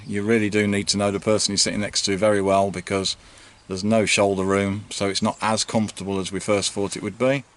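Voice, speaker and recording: A man's voice: on the low side, a bit bright. A man narrating a family campervan trip in a casual, practical way, joking lightly with his children. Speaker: family travel vlogger.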